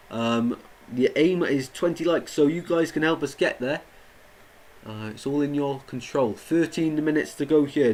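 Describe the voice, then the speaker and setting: A man's voice: fairly high pitch, darkish tone, rough recording. Chatty young man streaming football commentary. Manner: chatty, greets viewers, gets indignant at play. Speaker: watchalong streamer. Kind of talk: live match commentary and chat.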